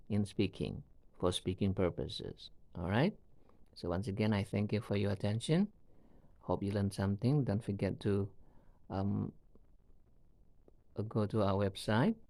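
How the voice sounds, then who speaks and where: Slow, low-voiced male English teacher. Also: dark tone, no echo. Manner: slow, repeats each example sentence, asks students rhetorical checks. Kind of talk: recorded English lesson.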